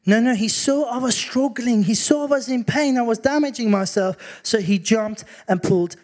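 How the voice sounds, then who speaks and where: A man preaching a sermon, telling a personal story with animated acted-out quotes. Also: very high-pitched, moderate pace.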